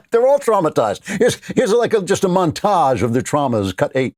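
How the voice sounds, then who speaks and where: A man's voice: high-pitched, wildly swooping pitch, measured pace, a little mellow, dry recording. A man in his sixties hosting a political commentary show, mocking his targets with frequent laughs and emphatic repetition. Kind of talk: opinionated commentary monologue.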